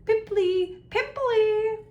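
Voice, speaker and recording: A woman's voice: mid-range voice, big pitch swings, moderate pace, echoey room, dull audio. A woman voicing a mischievous male poltergeist, sly and mocking, in an audiobook reading. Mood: yelling. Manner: sly, mocking, shouting at times.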